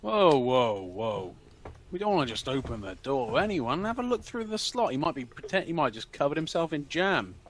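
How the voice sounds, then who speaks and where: A man's voice: fairly high pitch, sing-song, normal speed, a little hiss or hum. A man playing a tabletop role-playing game, joking in a dry, cautious way. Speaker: player. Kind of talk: tabletop role-play chat.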